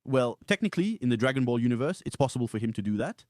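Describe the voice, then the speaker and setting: A man's voice: mid-range voice, sing-song, rapid-fire, a little mellow, no echo, studio quality. A man co-hosting a podcast in casual chat, blunt and opinionated in how he talks. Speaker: podcast co-host.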